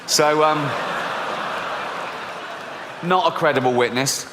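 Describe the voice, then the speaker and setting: A middle-aged man doing a stand-up comedy routine, with lively delivery and deadpan punchlines. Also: fairly high pitch, slow pace, crowd noise, background noise. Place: large theatre stage. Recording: live theatre with long hall reverb. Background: audience laughter.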